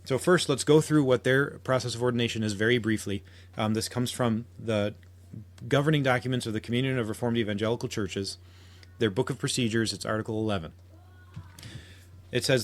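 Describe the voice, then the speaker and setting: A man's voice: mid-range voice, fairly quick. A man hosting a podcast, making an earnest argument with frequent restarts and quotations. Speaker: podcast host. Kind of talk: solo podcast commentary.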